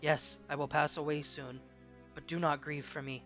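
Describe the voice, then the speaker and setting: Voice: medium pitch, little pitch movement, normal speed, a bit bright, faint music behind, lightly acted. A let's player voicing a solemn, dying ancient male tree spirit in a game, in formal archaic speech. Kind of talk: let's play character reading.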